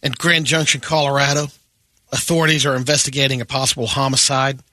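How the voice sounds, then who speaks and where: A male radio news reader running through odd stories in a matter-of-fact, deadpan way. His voice is bright and close, with a dry studio sound. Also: mid-range voice, fast talker, no room sound. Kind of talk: reading offbeat news stories on air.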